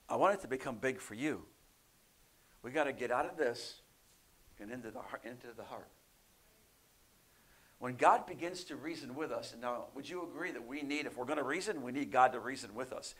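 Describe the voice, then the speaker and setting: A man preaching a sermon, often asking his listeners questions and swinging between loud emphatic bursts and soft quiet lines. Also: medium pitch, breathy edge. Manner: animated, rising loud for emphasis then dropping soft; asks the congregation questions often.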